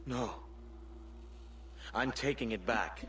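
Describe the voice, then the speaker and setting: An actor playing a determined, defiant pirate captain in a game, firm and earnest. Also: male voice, mid-range voice, slow pace, fairly bright tone. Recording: noisy game audio.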